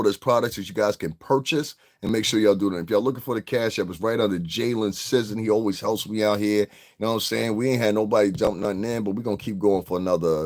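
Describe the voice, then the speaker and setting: A man's voice: lowish voice, a little mellow. A man doing casual live-stream commentary in a rambling, profane, streetwise way. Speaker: livestream commentator.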